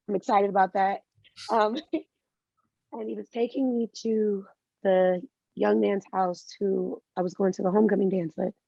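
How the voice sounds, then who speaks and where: A woman with a gravelly, creaky edge speaks candidly in an interview and slips into lively impressions of the people she quotes. The sound is dry and close, with a slightly muffled, dull tone like remote call audio. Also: medium pitch, dry recording. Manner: candid storytelling, animated quoting of others. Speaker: guest. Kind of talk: interview conversation.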